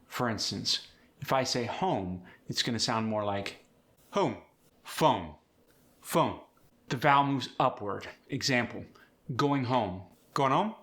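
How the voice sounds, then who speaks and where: A man teaching an accent as a coach, explaining clearly and demonstrating sounds in an instructive way. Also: fairly low pitch, a little slow, a bit bright. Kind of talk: accent tutorial.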